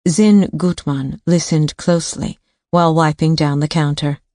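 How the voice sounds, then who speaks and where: A woman reading a thriller audiobook in a steady, even narration on a studio mic. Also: sits low, a little slow, no echo.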